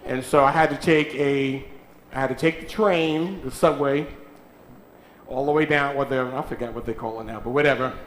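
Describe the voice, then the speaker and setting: A man preaches in a church sanctuary, his medium-pitched voice steady in intonation and moderate in pace, calling out to and teasing the congregation. The pastor's recording is echoey with a little hiss or hum.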